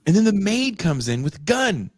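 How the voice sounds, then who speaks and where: A man co-hosting a podcast, animatedly retelling a story and acting out the quotes with sudden high shrieks. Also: big pitch swings, normal speed, a little mellow, no echo. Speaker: podcast co-host. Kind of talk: casual chat.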